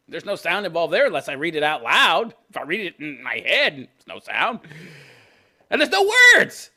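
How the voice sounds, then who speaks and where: Man, 50s, sarcastic, crude, mocking commentary on an article, animated pitch, slightly high voice. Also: normal speed. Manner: sarcastic, crude and mocking, laughs at his own jokes. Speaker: commentary channel host. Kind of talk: reading and mocking a news article.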